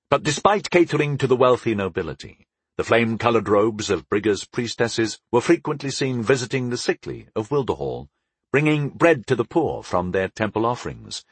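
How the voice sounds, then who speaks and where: A man's voice: mid-range voice, breathy edge, dry recording. A man narrating a first-person fantasy audiobook in a wry, conversational manner.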